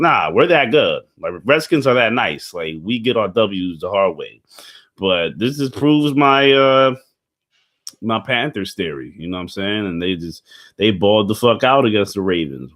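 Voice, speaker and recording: A young man giving a casual, rambling football recap, slangy and profane, full of fillers, burping now and then. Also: lowish voice. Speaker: football commentator.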